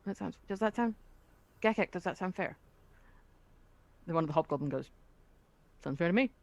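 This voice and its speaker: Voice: medium pitch, animated, a little fast, creaky, highs cut off. Chatty game master narrating play. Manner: chatty, laughs between lines.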